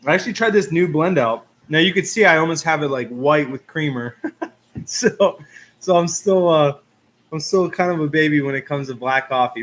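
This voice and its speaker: A man's voice: fairly high pitch, a bit bright. A man hosting a casual live stream, greeting viewers one by one and reading out their comments, with easy laughs and plenty of "uh"s. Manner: chatty, reads out viewer comments and greets them; laughs at himself, frequent fillers.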